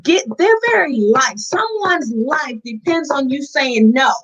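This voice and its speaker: High-voiced earnest woman. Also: animated, measured pace, a bit bright, lo-fi sound. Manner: earnest, heartfelt, addresses listeners as y'all. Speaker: guest in recovery. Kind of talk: candid interview talk.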